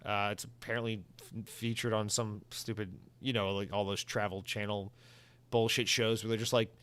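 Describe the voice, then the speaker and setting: A man's voice: lowish voice, little pitch movement, moderate pace, a bit bright, clean tone. A young man hosting a solo podcast, rambling and swearing with comic exaggeration. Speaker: podcast host.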